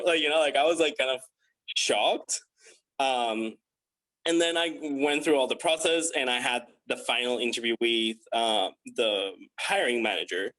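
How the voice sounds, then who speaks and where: Man, mid-pitch, lively podcast storyteller who slips into quoted voices; chatty with lots of fillers. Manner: animated, acts out quoted voices with big pitch jumps.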